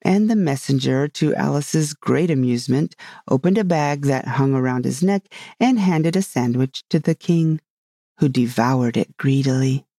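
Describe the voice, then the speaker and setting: A man narrating a storybook at a steady, measured pace. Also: medium pitch, dry recording, studio quality. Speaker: audiobook narrator. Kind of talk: scripted narration.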